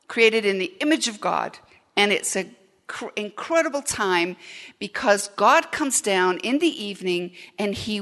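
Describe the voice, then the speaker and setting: A woman preaching a lively sermon, animated and often asking the audience questions. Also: medium pitch, long reverb tail.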